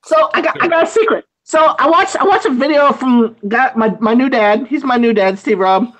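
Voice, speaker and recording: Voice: moderate pace, fairly bright tone. A performer voicing a goofy, childlike male character who stammers and giggles in an improvised livestream bit. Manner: stammering, giggly, high-pitched.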